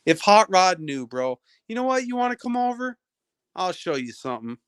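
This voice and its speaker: A man's voice: sits high, very animated, normal speed, clear, resonant tone, dry recording, clean studio sound. A young man on a livestream, ranting at a viewer in his chat, profane, combative and taunting.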